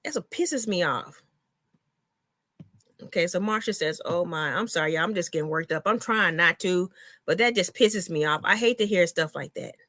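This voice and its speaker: A woman's voice: on the low side, moderate pace, a bit bright, dry recording, studio quality. A woman comedian hosting a casual live stream, ranting in a heated, blunt and profane way while reading out viewer comments.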